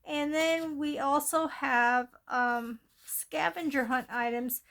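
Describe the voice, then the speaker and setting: A phone overhead captures a woman at her craft table hosting a coloring channel. Speaking slowly in a high-pitched, slightly bright voice, she casually shows her coloring plans, drifting between topics with fillers and restarts.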